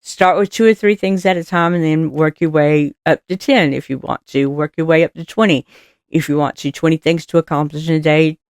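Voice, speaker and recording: A woman's voice: deep voice, fairly even intonation, brisk, no room sound, clean studio sound. A woman giving casual motivational talk as a vlogger, chatty and rambling with fillers, earnest and encouraging. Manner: encouraging and earnest, laughing at herself.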